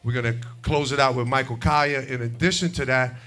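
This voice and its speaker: A man's voice: medium pitch, brisk. A man hosting a comedy show, doing brash stand-up and talking to the audience from a stage mic. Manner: brash, animated, talks to the audience. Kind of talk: stand-up comedy and crowd work.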